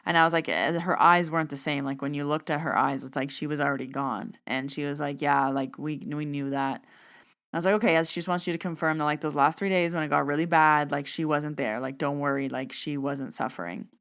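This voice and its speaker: A woman's voice: low voice, steady tone, fairly quick, a bit bright, clean tone. A woman podcast host casually recounting a conversation, acting out both sides of the dialogue in a chatty way. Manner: chatty, retells dialogue with "I was like". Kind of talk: casual storytelling monologue.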